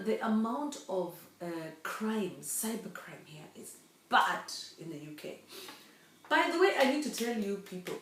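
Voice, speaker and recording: A woman in her fifties from Kenya talks earnestly and chattily to her viewers, with plenty of fillers. Her voice sits at a middle pitch. It echoes in a roomy space, picked up from some distance away. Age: 50s. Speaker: vlogger. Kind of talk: casual monologue. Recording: roomy echo, distant mic.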